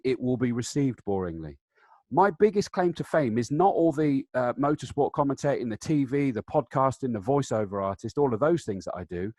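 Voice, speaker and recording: A man gives a live training webinar from his desk over a video call, at a middling pitch. He talks in an animated, demonstrative way, dropping in self-deprecating asides. The sound is dry, with no room echo. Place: seated at a desk, indoors. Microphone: video call setup.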